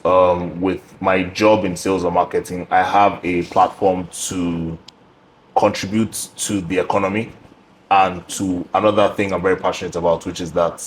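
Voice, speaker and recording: A young man with a very low voice, hosting his own podcast and thinking out loud. He speaks in a measured, reflective way, pausing on ums and starting sentences again. A faint hiss of background noise sits under the recording. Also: rough recording. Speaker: podcast host. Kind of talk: casual interview chat.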